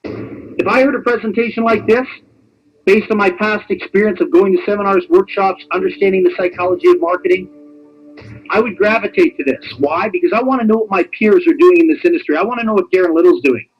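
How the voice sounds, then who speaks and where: A man presenting a sales pitch on a webinar, in an animated, teasing, repetitive salesman patter. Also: a little fast, highs cut off.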